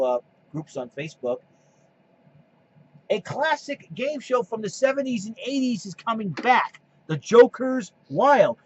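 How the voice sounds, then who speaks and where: A high-voiced man hosts a solo podcast, his pitch swinging up and down. He rambles, stumbles over his words and repeats himself, and heats up into scolding rants at rival fans. The recording sounds muffled and lo-fi. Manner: heated ranting, scolds opposing fans. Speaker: podcast host. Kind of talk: solo sports and wrestling podcast monologue. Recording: dull lo-fi recording.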